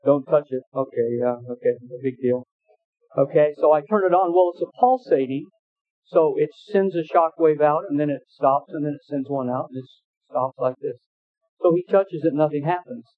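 Brief: male pastor, folksy sermon storyteller, slightly high voice, dry tinny phone-like sound. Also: normal speed, no echo. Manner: folksy, anecdotal, with hesitant restarts. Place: church.

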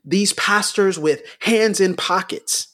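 A man's voice: sits high, slow pace, a bit bright. A man co-hosting a podcast, speaking with preacher-like intensity and urgent, rising appeals. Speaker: podcast co-host. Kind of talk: impassioned commentary.

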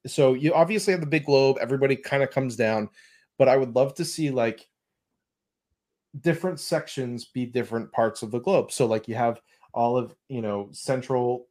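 A man hosting a podcast in casual chat, animated and rambling, often laughing. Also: medium pitch, normal speed. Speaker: podcast host.

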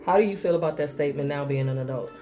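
Low-voiced, frank woman in chat. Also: very fast, music in the background. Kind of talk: casual chat.

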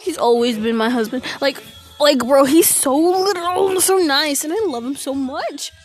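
Soft background music plays as a teen girl, fourteen, hosts her solo podcast from her bedroom using a phone, her voice sitting high and a little slow. Breathless and rambling, she keeps losing her train of thought.

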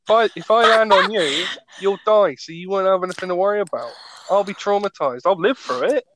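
A man's voice: sits high, a little fast, fairly bright tone, no echo, rough recording. Rambling young man, podcast chat. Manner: rambling, jokey, lots of fillers. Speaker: podcast co-host. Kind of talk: casual chat.

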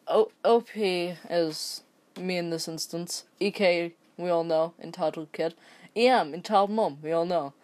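A woman's voice: deep voice, darkish tone. A woman from England, casually reading an online story aloud and breaking off into rambling, sweary asides and stumbles. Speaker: story reader.

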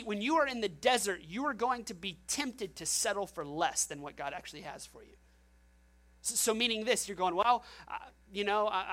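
Woman preacher, middle-aged, chatty animated sermon delivery, mid pitch. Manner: lively, conversational preaching with acted quotes and laughs.

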